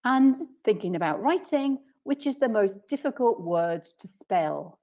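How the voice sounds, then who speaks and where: A woman training English teachers in an online session, explaining patiently and clearly with frequent "okay"s. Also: medium pitch, expressive, unhurried, a little mellow, dull audio. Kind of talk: webinar teaching talk.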